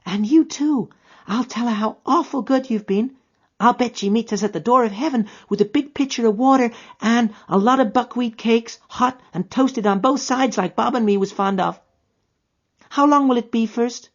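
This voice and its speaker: A woman's voice: on the high side, moderate pace. A woman voicing a trusting little girl lost in the desert, talking in a folksy childlike dialect, in a lo-fi recording. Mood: cheerful. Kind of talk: audio drama acting. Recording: dull lo-fi recording.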